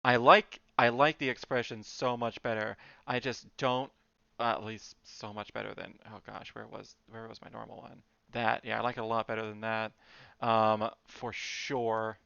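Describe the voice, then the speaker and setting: A man's voice: fairly low pitch, level tone, normal speed, gravelly, pushed and bright, clean tone, no room sound, highs cut off. A man streaming as he draws, chatting casually with lots of fillers and muttered asides. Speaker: streamer drawing live. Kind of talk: casual rambling stream chat.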